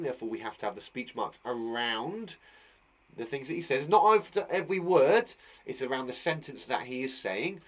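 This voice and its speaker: A man's voice: a little high, fairly bright tone. A man teaching a children's punctuation lesson online, chatty and playful, with jokes between his explanations. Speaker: primary school teacher.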